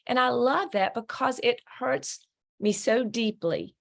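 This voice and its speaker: Middle-aged woman, earnest interview guest, animated storyteller, video-call sound. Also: fairly high pitch, a little slow, creaky. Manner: earnest, animated storyteller who acts out quoted voices. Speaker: guest, ministry founder.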